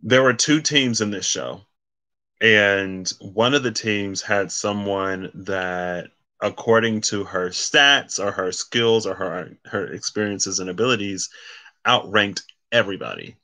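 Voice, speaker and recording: Brief: man, somewhat low pitch, forceful bright edge, rambling casual card reader. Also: measured pace. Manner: rambling, self-correcting, reads card meanings aloud. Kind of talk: casual solo card reading.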